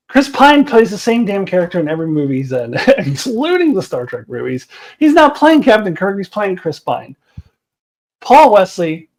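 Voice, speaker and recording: A woman's voice: lowish voice, darkish tone, poor audio. A woman giving a casual video review of a TV series, enthusiastic and opinionated, laughing often and swearing bluntly. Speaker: TV show reviewer.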